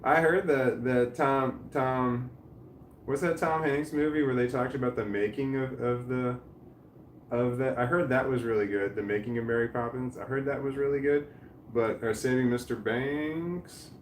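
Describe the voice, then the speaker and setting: A middle-aged man rambles through his live chat comments, cursing casually and restarting his sentences. His voice sits at a mid pitch. The room gives it a noticeable echo, with faint noise underneath. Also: moderate pace.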